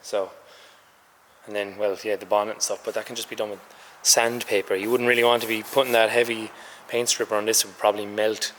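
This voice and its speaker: A man chatting casually through a car restoration vlog, his voice a bit hoarse, matter-of-fact with some swearing. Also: fairly low pitch, level tone, brisk, a bit bright, big-room sound, slight background noise. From Ireland. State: hoarse, says he lost his voice. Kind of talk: casual workshop vlog narration. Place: large garage workshop, indoors.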